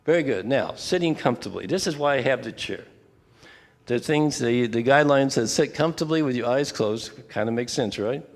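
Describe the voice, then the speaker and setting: An older man leading a church prayer workshop, talking in a relaxed, conversational way with frequent asides and restarts. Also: mid-range voice, fairly quick, in a large hall. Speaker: workshop leader. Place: church fellowship hall.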